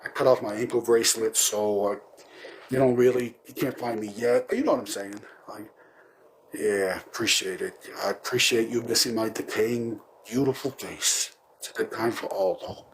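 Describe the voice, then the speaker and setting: Rambling deadpan man on a live stream. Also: on the low side, normal speed, a little hiss or hum. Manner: meandering, offhand, deadpan. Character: undead zombie entertainer persona, man. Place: garage.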